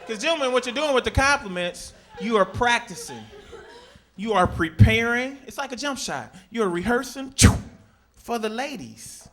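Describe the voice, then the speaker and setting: A man performing a stand-up comedy set on a club stage, telling animated stories and jumping into shrieking high voices for his characters. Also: normal speed. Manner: animated storytelling, sudden high-pitched shrieks in acted quotes. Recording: live club recording with crowd laughter.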